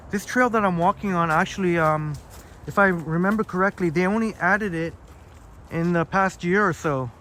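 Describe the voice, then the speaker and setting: High-voiced Canadian man streaming outdoors. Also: fairly bright tone, low-quality recording. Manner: chatty, reads out viewer comments, many fillers. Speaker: live streamer. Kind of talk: casual live-stream walking tour. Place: outdoor nature trails in a park. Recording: outdoor noise behind voice.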